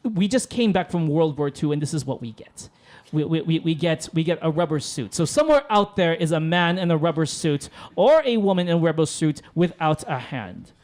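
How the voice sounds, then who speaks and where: A man's voice: on the high side, expressive, a little fast, few pauses, a little mellow, natural voice. A man voicing a blind man giddy with wonder over lemonade, in melodramatic, rambling exclamations, in an improvised tabletop role-play. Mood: awestruck.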